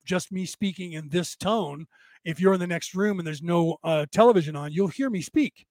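A man's voice: high voice, normal speed, darkish tone, dry recording. An older man with a worn, damaged-sounding voice, talking at length in a rambling way and often restarting his sentences. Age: older, with graying hair. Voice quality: says his voice is damaged but penetrating. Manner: tired from talking for hours. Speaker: podcast host. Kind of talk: casual monologue.

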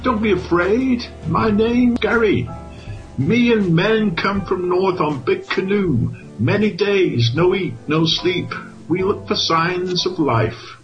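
A man's voice: high-pitched, lively intonation, takes it slowly, dull audio, faint music behind. A man playing an earnest, bumbling knight. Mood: broken pidgin. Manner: stammering, earnest. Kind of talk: comic amateur pantomime.

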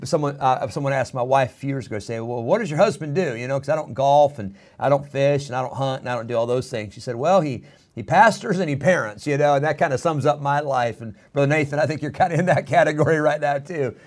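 A man's voice: mid-range voice, fairly even intonation, fast, few pauses, darkish tone. A pastor in his thirties preaching a sermon in an earnest, emphatic way, repeating key phrases.

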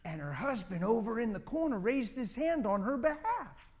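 A middle-aged man preaching, telling a personal story in an animated way and often repeating words. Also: very high-pitched, normal speed. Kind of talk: sermon.

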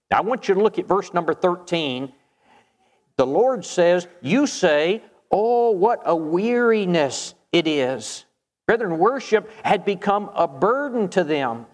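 A man's voice: fairly high pitch, long reverb tail. A man preaching a sermon in an earnest, emphatic way, reading scripture aloud and addressing the congregation.

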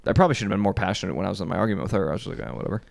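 A man co-hosting a casual podcast, telling animated stories with mock outrage. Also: deep voice, very fast, creaky. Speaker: podcast co-host. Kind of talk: casual chat.

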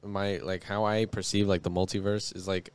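A man's voice: on the low side, level tone, normal speed, a little hiss or hum. A man on a podcast, explaining ideas in a rambling, casual way with lots of filler words. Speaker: podcast co-host. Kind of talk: casual chat.

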